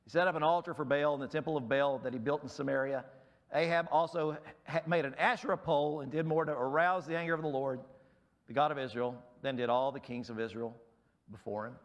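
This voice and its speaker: A man preaching a sermon as pastor in a church, emphatic and rising sharply on key words, his voice going hoarse. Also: medium pitch, a little fast. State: losing his voice.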